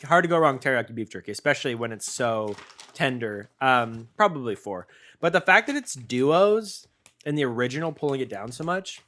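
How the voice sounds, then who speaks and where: A man's voice: mid-range voice, animated, moderate pace, fairly bright tone. A young man co-hosting a snack-tasting podcast, chatting casually and joking around with frequent laughs. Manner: playful, jokey, laughs often. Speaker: podcast co-host.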